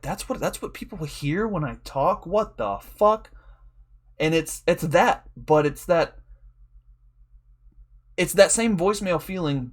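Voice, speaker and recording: A man telling a long, rambling story in a casual, profane way, laughing often as a draft league coach. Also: on the high side.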